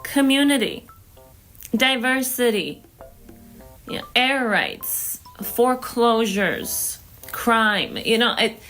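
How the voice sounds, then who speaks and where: A woman doing a comic impression of a giggly woman politician who rambles slowly through a folksy speech. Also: fairly high pitch, fairly bright tone, soft background music. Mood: rambling, giggly. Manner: rambling, folksy, slow and drawn-out.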